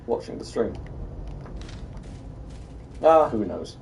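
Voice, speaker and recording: A man's voice: on the low side, sing-song, slow pace, creaky, darkish tone, recorded from a distance, slight background noise. Sardonic British man streaming a game. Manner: sardonic, muttering to himself, bursts of exasperated ranting. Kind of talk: casual gameplay commentary.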